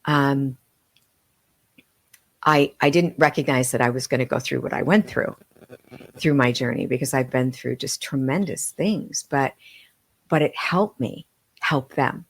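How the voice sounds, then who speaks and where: A middle-aged woman, a guest on a podcast, telling personal stories in an earnest, heartfelt way with halting restarts. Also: a bass voice, gravelly. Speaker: podcast guest, medium and author. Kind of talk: emotional personal storytelling.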